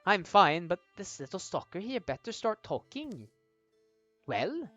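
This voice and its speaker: A man's voice: high voice, sing-song, a little slow, a bit bright, dry recording, soft background music, heavily acted. A man playing a curt, suspicious woman warrior. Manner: curt, gruff.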